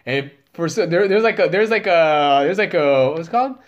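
A man's voice: on the high side, lively intonation, normal speed, lo-fi sound. A man in his thirties, a comedian guest telling a story in casual chat, profane and rambling with many fillers.

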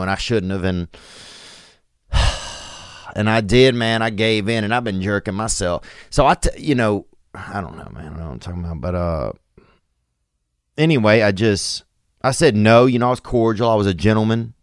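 A man hosting a show, telling a story in a meandering, halting way full of fillers and restarts. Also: fairly low pitch, clear, resonant tone, no echo, studio quality. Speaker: podcast host. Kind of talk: rambling comic monologue.

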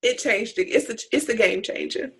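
Husky woman on a faith podcast, earnest and excitable, slightly high voice. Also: normal speed, poor audio. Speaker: podcast co-host. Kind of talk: casual faith talk.

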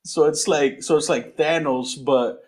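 A man's voice: on the high side, fairly even intonation, a little slow, darkish tone. A man hosting a podcast who rambles casually, swears freely and laughs easily. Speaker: podcast host.

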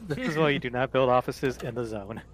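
A man in a tabletop game, ribbing the others with dry, teasing remarks. His voice sits at a plain middle pitch. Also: fairly quick, a crowd in the background. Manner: wry, teasing. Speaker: player. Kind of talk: casual game chat.

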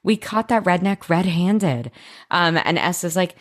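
A woman's voice: fairly low pitch, measured pace. A woman co-hosting a podcast, chatting casually about a TV episode, swearing freely and acting out characters' lines. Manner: animated, swears freely, acts out quotes. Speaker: podcast co-host. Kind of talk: casual recap chat.

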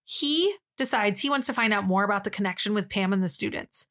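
A young woman co-hosting a podcast, casually walking through a crime case. She is dry and sarcastic and slips into little voices for the people in it. Her voice sits at a middling pitch. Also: animated, brisk, a bit bright. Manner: sarcastic, acts out quotes in different voices. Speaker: podcast co-host. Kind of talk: casual true-crime storytelling.

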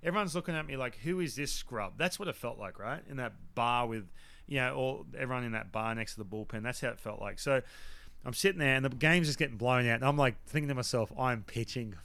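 Ex-pitcher from Australia, a man in his thirties, animated storyteller who keeps quoting himself, middle-pitched voice recorded dry and close. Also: quick pace, creaky, dry recording. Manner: animated, acts out his past thoughts in quotes, laughs often. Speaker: former baseball pitcher, guest. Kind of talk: animated storytelling in a podcast interview.

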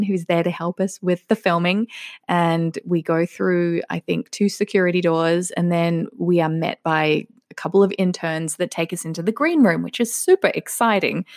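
A woman's voice: fairly low pitch, vocal fry, darkish tone, no echo, studio quality. A woman in her late thirties from Australia with an Australian accent, telling stories in a casual solo podcast and laughing often. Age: 30s. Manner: chatty, laughs often, acts out quoted voices. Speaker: podcast host.

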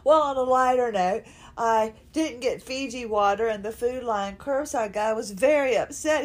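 A woman's voice: a little high, normal speed. A woman hosting a podcast, talking unscripted while lying down at home, rambling, emotional and often apologizing. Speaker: podcast host. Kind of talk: unscripted personal chat.

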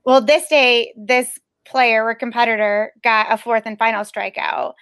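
A woman's voice: fairly high pitch, fairly even intonation, measured pace, a bit bright, clean tone, no echo. A woman who is an Olympic speed skater, telling her story as a podcast guest in an earnest, emphatic, determined way. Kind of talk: personal storytelling in a podcast interview.

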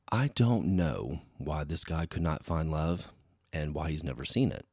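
A man's voice: rumbling low, unhurried, darkish tone, no room sound, studio quality. A man hosting a solo podcast, talking in a rambling, chatty way that is full of "you know". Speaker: podcast host. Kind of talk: casual solo podcast chat.

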